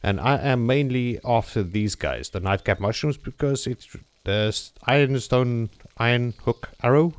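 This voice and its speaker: A man's voice: medium pitch, expressive, a little slow, no echo. A man hosting a gameplay video, explaining his building plans step by step in a chatty, joking way. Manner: chatty, jokey, explains step by step with frequent "okay?". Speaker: gameplay channel host. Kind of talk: casual gameplay commentary.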